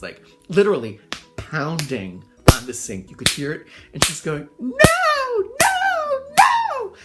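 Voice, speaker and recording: A middle-aged man, a hairdresser and salon owner, telling a personal story in an animated way, laughing as he goes. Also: lowish voice. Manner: animated, laughing, acts out voices in quotes. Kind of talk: storytelling monologue.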